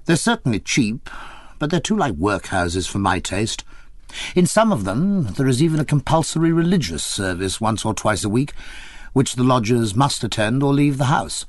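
A man reading a memoir aloud as an audiobook narrator, measured and expressive. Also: mid-range voice, dry recording.

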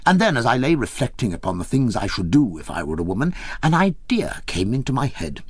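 Husky man narrating an audiobook wryly. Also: medium pitch, a little fast, hardly any pauses, no room sound. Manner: expressive, wry storytelling. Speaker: audiobook reader.

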